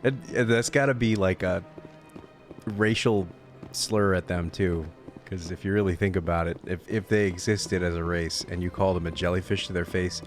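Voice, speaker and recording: A male streamer chatting casually, tired and a little loopy late at night, rambling as he plays. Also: deep voice. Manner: rambling, with lots of fillers and restarts. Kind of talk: casual chat.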